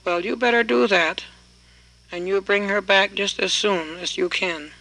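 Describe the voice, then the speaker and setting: A cocky young trickster, played by a male storyteller, teasing and daring in a bright, fairly high voice. He makes demands without hesitation. Told aloud as a folk tale. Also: fairly even intonation, measured pace, creaky, no room sound, full character voice, poor audio. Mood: demanding. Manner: teasing, challenging. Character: cheeky young man, bold trickster.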